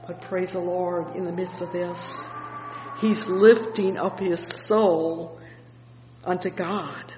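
A man preaching an evening sermon, explaining a psalm with fervent interjections of "oh yes" and "praise the Lord", reading scripture slowly and deliberately. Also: sits high, little pitch movement, darkish tone, a little hiss or hum. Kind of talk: evening sermon, Bible exposition. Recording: echoey hall with long reverb.

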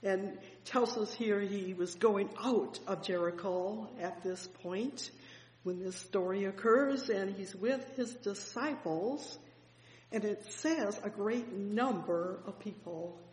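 A preacher telling a Bible story in a sermon, fervent, swelling loud and dropping soft, with frequent exclamations. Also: medium pitch, takes it slowly. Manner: fervent storytelling with sudden swells and drops in loudness. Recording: echoey hall reverb.

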